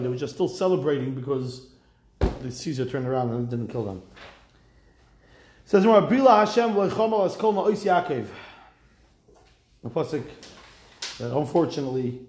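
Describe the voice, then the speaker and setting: A man teaches a Talmud lesson, translating each phrase and then retelling it as a lively story full of wry asides. His voice sits a little high. The recording picks up a noticeable echo from the room around him. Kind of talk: Talmud class lecture.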